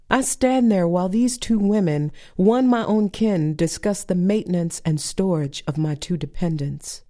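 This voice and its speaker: A woman's voice: lowish voice, warm tone. A woman poet performing a spoken-word poem with a dry, sardonic, rhythmic delivery.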